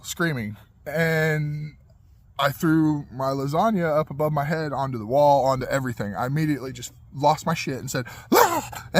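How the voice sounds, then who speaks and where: A man's voice: a little high, dry recording. A man in his forties, a podcast host, telling a personal story in casual, rambling speech with fillers, restarts and frequent laughter.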